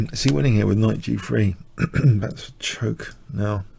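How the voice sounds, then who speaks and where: A tired man commentating his own blitz chess game live, muttering self-deprecating remarks and clearing his throat. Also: fairly low pitch, takes it slowly, mellow, a little hiss or hum. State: slightly exhausted, coughing. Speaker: chess streamer.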